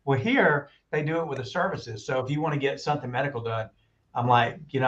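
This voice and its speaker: A man telling long, animated stories in casual chat and acting out the quoted voices, recorded with muffled audio. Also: medium pitch, brisk. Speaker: guest on a talk stream. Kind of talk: casual storytelling.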